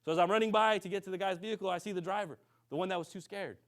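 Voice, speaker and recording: A man preaching to a congregation. He tells a story with lively, acted-out dialogue and keeps checking in with his listeners. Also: high voice, rapid-fire. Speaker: minister. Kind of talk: sermon storytelling.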